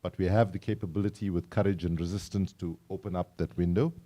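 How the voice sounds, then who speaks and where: A man's voice: low-pitched, steady tone, fast talker, warm tone. A man from South Africa with a South African accent, giving a public talk to a live audience in a wry, engaging way and polling the crowd with questions. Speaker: climate activist speaker.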